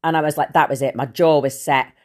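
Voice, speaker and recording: Dosadna Brytyjka opowiadająca historię. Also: female voice, sits low, fairly even intonation, fast talker, a little mellow. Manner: blunt, swears freely, many fillers. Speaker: podcast host. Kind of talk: casual storytelling monologue.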